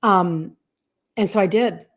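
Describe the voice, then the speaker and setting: A woman's voice: medium pitch, takes it slowly. Chatty woman in her fifties telling a story. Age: 50s. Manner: chatty, animated, acts out quoted dialogue. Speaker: health coach hosting a live stream. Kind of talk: casual live-stream storytelling.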